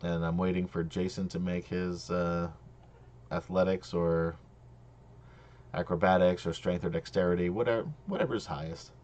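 A man's voice: sits low, steady tone, normal speed, a little mellow. A man running a tabletop game as game master, narrating casually and laughing often.

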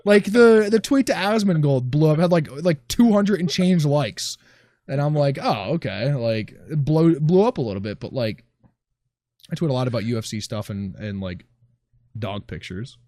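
A man's voice: fairly high pitch, moderate pace, dark tone, dry recording, clean studio sound. A man co-hosting a casual podcast chat, talking in a sarcastic, swearing way and often trailing off mid-sentence.

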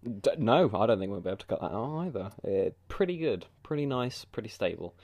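A man's voice: lowish voice, big pitch swings, a little fast, few pauses, a little mellow. Rambling, hesitant male co-host. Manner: rambling, hesitant, filler-heavy. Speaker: podcast co-host. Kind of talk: casual comedy banter.

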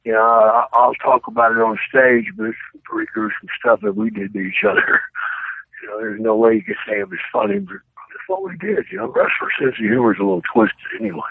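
A man's voice: sits high, fairly quick, vocal fry, husky, no room sound. An older man, a former pro wrestler, telling rambling stories as a guest and acting out other people's voices. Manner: rambling, animated anecdotes with acted-out voices. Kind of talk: casual storytelling by phone. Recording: tinny phone line.

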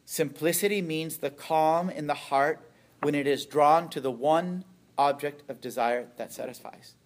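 A middle-aged man, a priest, giving a storytelling witness talk, animated and playful as he acts out what others said. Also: measured pace. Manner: animated, acts out quoted voices with big pitch jumps.

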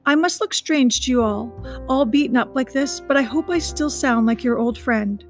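A woman reading aloud, voicing a gentle and wise female robot who speaks in earnest, measured sentences. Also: high voice, faint music behind, close to an everyday voice.

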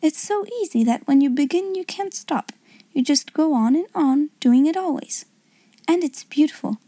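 A woman voicing a clever, imaginative young schoolgirl in a soft whispered role-play, hushed and wondering. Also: high voice, animated, normal speed, no room sound, studio quality, pitched above the performer's own voice.

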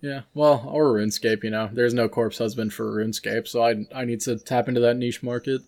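A young man co-hosting a casual podcast, musing out loud with lots of fillers. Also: medium pitch, steady tone, fairly quick. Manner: rambling, filler-heavy, musing. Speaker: podcast co-host. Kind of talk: casual chat.

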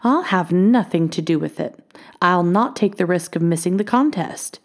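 A woman voicing a cocky yet timid young male harper in a hushed, nervous manner for a storybook reading. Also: lowish voice, animated, normal speed. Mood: fearful.

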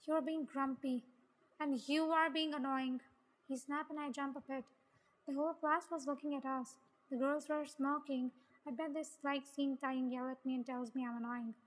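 A woman reading a first-person story aloud in a plain, even way. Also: high-pitched, moderate pace. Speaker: story reader.

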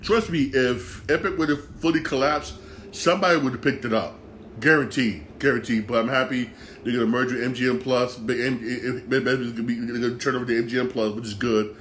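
Guy rambling on his own podcast, mid pitch, slangy, repeats stuff a lot, bit of faint hiss behind. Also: steady tone, brisk, fairly bright tone. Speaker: podcast host. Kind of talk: casual solo commentary.

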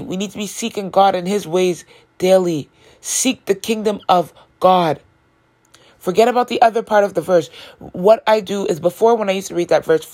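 A woman's voice: lowish voice, a little fast, dark tone. A woman hosting a Christian devotional podcast, talking earnestly in a repetitive preaching cadence. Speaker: podcast host.

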